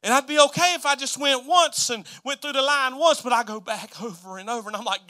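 A man's voice: very high voice, fairly quick, few pauses, sharp tone. A middle-aged pastor preaching a folksy, self-deprecating sermon, asking his congregation questions. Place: church sanctuary.

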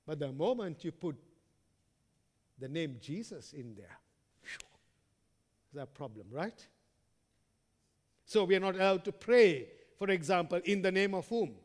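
A man preaching with a fairly high voice, reading scripture and putting questions to the listeners. He swings from forceful emphasis to hushed, trailing words. His voice rings out with a long reverb, as in a large hall. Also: animated, measured pace, long pauses. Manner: addresses listeners as friends, asks rhetorical questions.

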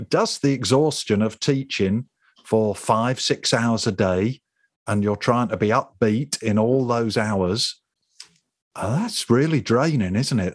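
A man's voice: medium pitch, dry recording, studio quality. A man hosting a casual chat about teaching, talking easily and tagging questions onto his points. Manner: conversational, asks tag questions. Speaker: podcast host.

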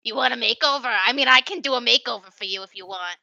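A woman plays a casual tabletop game in a playful, teasing way. Her voice is very bright and gravelly, pitched a bit high. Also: quick pace, muffled recording. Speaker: player.

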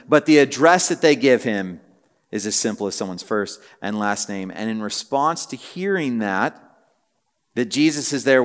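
A man preaching a casual teaching sermon, talking conversationally with many fillers and building to emphatic, repeated phrases. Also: mid-range voice. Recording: long hall reverb.

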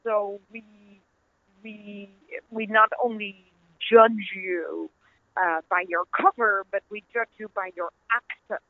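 A woman's voice: medium pitch, fairly even intonation, slow, no room sound. Dutch-accented woman over a tinny phone line. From Netherlands. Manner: earnest, storytelling, laughs easily. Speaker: author and interview guest. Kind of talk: conversational interview.

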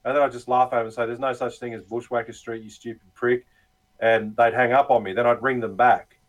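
A man's voice: mid-range voice, flat delivery, brisk, rough recording. An Australian man casually telling crude, funny stories with plenty of laughter and swearing, often mimicking the people he talked to. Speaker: guest. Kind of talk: casual storytelling chat.

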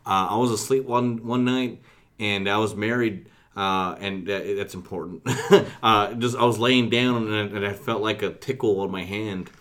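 A low-voiced man chatting on a podcast. He tells stories in a relaxed, rambling way, with lots of fillers and self-corrections. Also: normal speed. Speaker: podcast co-host. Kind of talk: casual chat.

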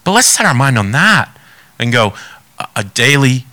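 A man preaching a sermon, reading scripture and asking animated rhetorical questions. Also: medium pitch, normal speed.

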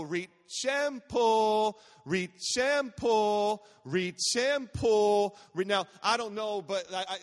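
High-voiced, joking guest pastor. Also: male voice, fairly bright tone. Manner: humorous, chatty, with call-outs to the congregation. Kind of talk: sermon storytelling. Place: large church sanctuary. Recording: long church hall reverb.

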